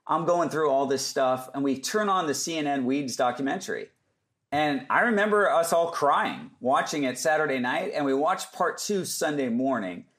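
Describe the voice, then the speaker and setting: A man's voice: medium pitch, a bit bright. A man as a podcast guest, telling casual stories and acting out other people's lines as he goes. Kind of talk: casual storytelling interview.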